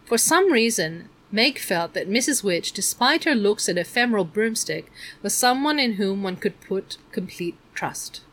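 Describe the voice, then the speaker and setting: A woman narrating a storybook aloud in a measured, expressive reading. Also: medium pitch. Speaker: audiobook reader.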